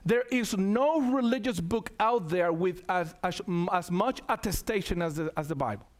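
Preacher, man, high-pitched, emphatic sermon delivery, repeats lines for emphasis. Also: normal speed. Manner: emphatic, calls to the congregation, repeats phrases.

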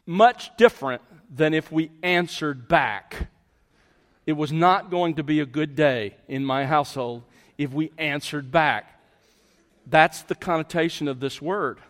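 Pastor, male, slightly high voice, slow deliberate sermon delivery, church hall reverb. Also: a bit bright. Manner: deliberate, emphatic preaching with rising confrontational questions. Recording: long reverb of a large hall.

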